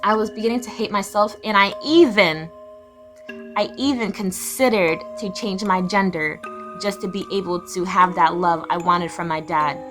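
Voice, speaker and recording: A woman's voice: medium pitch, moderate pace. Young woman, confessional vlogger, raw and blunt, medium voice, music bed behind. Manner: emotional, blunt, swearing, swings between raw and flat. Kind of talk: personal confessional storytelling.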